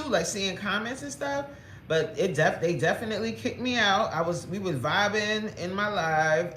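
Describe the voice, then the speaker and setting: A woman's voice: on the low side, sharp tone, echoey room, slight background noise. A woman fitness coach chatting playfully on a livestream, greeting viewers by name, reading their comments aloud and laughing often.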